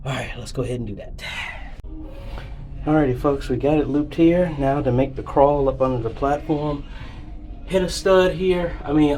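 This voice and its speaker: A man's voice: medium pitch, a little mellow. A man talking casually to the camera while he works, calling his viewers folks and explaining each step as he goes. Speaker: AV installer vlogging a church job. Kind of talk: casual on-the-job vlog. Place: church building under renovation, indoors. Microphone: phone camera.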